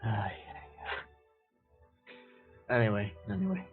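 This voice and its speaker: A man's voice: on the low side, sing-song, a little slow, faint music behind. A man playing a tabletop game, blunt and teasing in casual chat. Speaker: player. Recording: phone-like voice chat.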